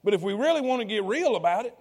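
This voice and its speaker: A man preaching a sermon, calling out to the congregation and swinging between quiet asides and loud appeals. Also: sits high, expressive, racing. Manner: call-and-response preaching to congregation.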